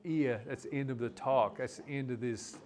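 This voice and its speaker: A man teaching a live language class, explaining words in a relaxed, rambling way with many restarts. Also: medium pitch, normal speed, a crowd in the background.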